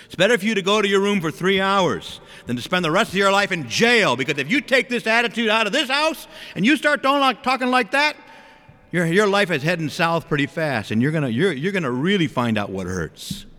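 A man's voice: high-pitched, very animated, a little fast, bright, forceful tone, pitched above the performer's own voice, full character voice. Stern dad scolding his son, put on by a male preacher, raised voice, echoing church. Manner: firm, blunt warnings. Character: stern middle-aged father lecturing his son.

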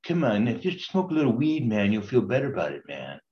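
A man's voice: on the low side, wildly swooping pitch, brisk. An older man putting on the voice of a pushy, laid-back male hippie who ends every phrase with "man.". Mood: coaxing. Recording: dull lo-fi recording.

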